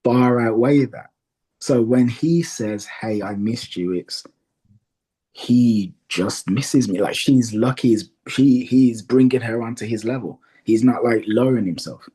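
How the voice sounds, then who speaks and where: A man guesting as a dating coach on a podcast, calmly explaining his view with examples. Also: mid-range voice, husky. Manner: measured, explains by example with acted quotes. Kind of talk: casual podcast conversation.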